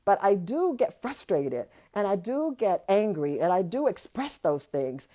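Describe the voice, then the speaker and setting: An earnest woman coaching her listeners in a motivational talk. She circles back on her words, restarting and repeating phrases to drive each point home, in a voice of middling pitch. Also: sing-song, measured pace, warm tone. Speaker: spiritual and life coach.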